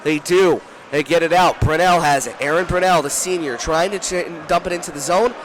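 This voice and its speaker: A young play-by-play commentator with a slightly high voice calls a live hockey game from a broadcast booth at an ice rink, with slight background noise. He talks fast, shouts during rushes, and often corrects himself.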